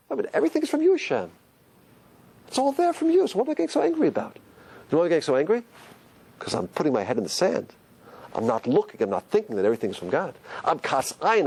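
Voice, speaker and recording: A man giving a lecture on Hebrew letters, asking his listeners question after question. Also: sits high. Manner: questioning, rhetorical, animated. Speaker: Torah teacher.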